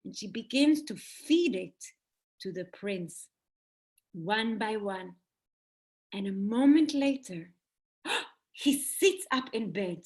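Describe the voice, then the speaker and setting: Animated woman telling a children's story. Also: mid-range voice, takes it slowly, long pauses. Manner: animated and expressive, engaging the audience.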